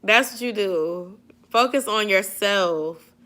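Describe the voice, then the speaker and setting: A woman's voice: medium pitch, slow pace, sharp tone. A young woman from the Atlanta area, hosting a casual late-night livestream, chatting with viewers and giving sisterly advice while sleepy and yawning. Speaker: YouTube livestream host. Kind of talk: casual livestream chat reading viewer comments.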